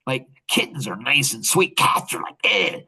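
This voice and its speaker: A man's voice: mid-range voice, big pitch swings, moderate pace, gravelly, sharp tone, slightly rough, poor audio. An older man hosting a podcast, talking in a rambling, casual monologue full of restarts and laughter. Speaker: podcast host.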